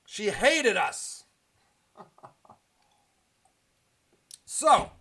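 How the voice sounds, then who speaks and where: A man with a high-pitched voice hosts a livestream and rants to his viewers. He is angry and swears often, breaking off into ums and restarts as he answers their comments. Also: lively intonation, measured pace, a bit bright. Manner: profane, angry and emphatic, with frequent ums and restarts. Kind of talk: ranting livestream monologue.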